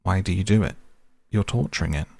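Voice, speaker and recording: A man's voice: low-pitched, brisk, gravelly, darkish tone, dry recording. A man voicing a brave, stubborn young girl who speaks plainly and firmly. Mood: earnest. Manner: plain, earnest and firm.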